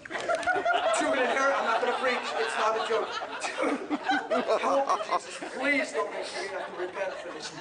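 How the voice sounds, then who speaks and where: A man preaching a sermon and telling stories, animated, laughing, and shouting at the peaks. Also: very high voice, normal speed, heavy background noise. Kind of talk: sermon with storytelling. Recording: echoey hall from far off with crowd.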